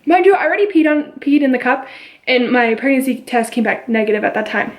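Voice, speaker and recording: Young woman, slightly high voice, casual storytime vlog, animated retelling at home. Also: fast talker. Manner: chatty, animated retelling with quoted dialogue. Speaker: vlogger. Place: at home with her baby.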